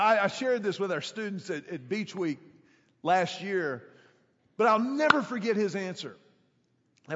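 A middle-aged man, preaching a sermon as a pastor, telling a story emphatically and stretching key words slowly for drama. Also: sits high, a bit bright. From Houston, Texas. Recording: echoey hall, dull sound.

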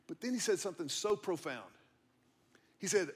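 A man's voice: sits high, animated, brisk, long pauses. A middle-aged man, a pastor, preaching a sermon in a church in a conversational, storytelling way, repeating key lines for emphasis. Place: church auditorium.

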